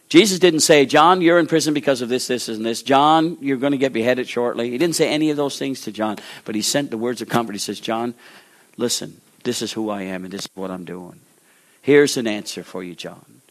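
This sermon comes from a man with a mid-range voice who voices the biblical characters he quotes as if speaking their dialogue. His delivery swings from loud, high-pitched urging down to quiet, slow pleading.

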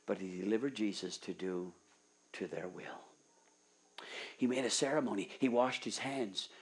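Fervent preacher, hushed to loud. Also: male voice, on the low side, moderate pace, breathy edge. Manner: swings from hushed whispers to loud fervent urging. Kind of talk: sermon.

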